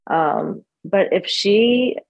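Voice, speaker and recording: A woman's voice: medium pitch, animated, drawn-out words, creaky, rough recording. A woman therapist on a podcast, speaking candidly and reassuringly, often laughing. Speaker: therapist guest. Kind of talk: casual podcast chat.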